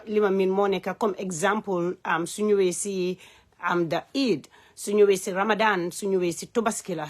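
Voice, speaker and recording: Speaking off the cuff on a phone live stream, a woman who hosts and advocates comes across as earnest and heartfelt. Her medium-pitched voice halts often, filled with "um"s as she moves between languages.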